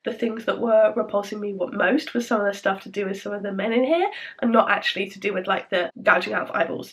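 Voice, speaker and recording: A young woman chatting casually about books, with lots of fillers and a few stumbles over words. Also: mid-range voice. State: croaky from illness. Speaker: book vlogger. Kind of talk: casual chat.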